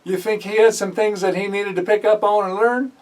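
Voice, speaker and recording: Man, high voice, Bible teaching, reads verses then chats about them, some distance from the mic. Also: steady tone, fairly quick. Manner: reads a passage, then stops to comment conversationally; frequent "uh" fillers and self-corrections. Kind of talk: sermon mixing scripture reading and commentary.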